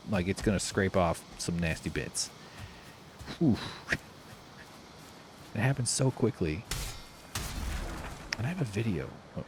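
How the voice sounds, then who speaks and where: Deep-voiced rambling streamer guy. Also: noisy background. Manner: rambling storytelling, swearing, loud impressions of others. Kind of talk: casual gameplay commentary. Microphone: desk mic with face cam.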